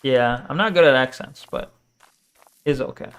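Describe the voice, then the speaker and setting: A man's voice: medium pitch, moderate pace, a bit bright, clean tone. A man casually chatting and joking while streaming a game, reading chat aloud and swearing now and then. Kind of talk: casual live game commentary.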